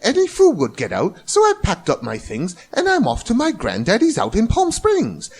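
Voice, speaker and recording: A man voicing a panicky man in a rain slicker who yells warnings before fleeing. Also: high voice, huge pitch swings, normal speed, breathy edge, pitched above the performer's own voice, heavily acted. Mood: alarmed. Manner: frantic, yelling warnings.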